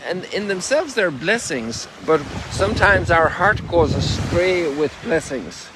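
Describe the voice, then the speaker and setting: Higher-voiced priest on a windy lakeside stroll. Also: male voice, expressive. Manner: reflective, exclaims with wonder, reads scripture slowly and emphatically; strolling while talking. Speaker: Catholic priest. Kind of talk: spiritual reflection on a walk. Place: outdoors by a lakeshore at sunrise.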